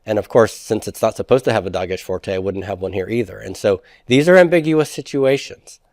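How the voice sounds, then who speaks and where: A man's voice: on the low side, a little fast, darkish tone, no echo, clean studio sound. A man teaching Hebrew grammar in a lecture, who poses rhetorical questions and then answers them himself. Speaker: Hebrew instructor. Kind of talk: classroom lecture.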